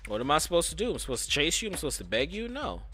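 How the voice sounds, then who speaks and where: A man streaming live, telling a casual story in a rambling, profane, animated way. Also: a little high, racing, breathy edge, soft background music.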